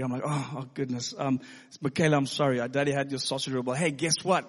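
A man's voice: mid-range voice, fairly even intonation, quick pace. Man preaching in an echoing hall. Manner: storytelling, laughing, earnest. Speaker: pastor. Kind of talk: sermon. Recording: long hall reverb.

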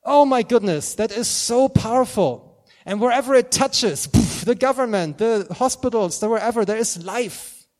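A man's voice: extremely high pitch, animated, moderate pace, darkish tone. A man preaching a sermon in church, earnest and growing fervent as he proclaims.

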